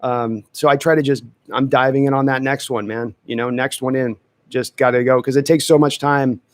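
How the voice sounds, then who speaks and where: A man's voice: medium pitch, steady tone, normal speed. A man hosting a live question-and-answer stream, talking casually and thinking aloud with restarts. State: dry throat. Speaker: podcast host answering chat questions.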